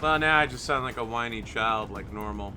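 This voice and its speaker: A man's voice: lowish voice, fairly quick, over music. A man giving exasperated, blunt let's-play commentary while playing a game. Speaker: gaming channel host.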